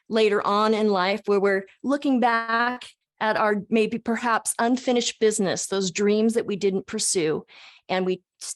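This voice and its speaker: On a video call, an older woman with a mid-range voice gives an animated motivational talk. A speaker who also teaches college, she is expressive and frequently starts her sentences over.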